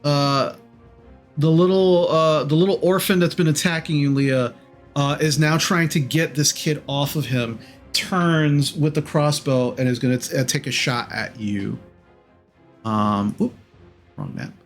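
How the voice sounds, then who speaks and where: A man with a fairly high-pitched voice acts as game master for a tabletop game, narrating unhurriedly with faint music in the background. He rambles, uses many ums, and often corrects himself.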